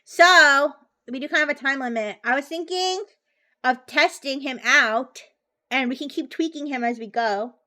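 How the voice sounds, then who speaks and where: A woman's voice: high-pitched, normal speed, pushed and bright. A woman streamer chatting casually and bubbly, with frequent giggles and restarts. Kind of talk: casual live-stream chat.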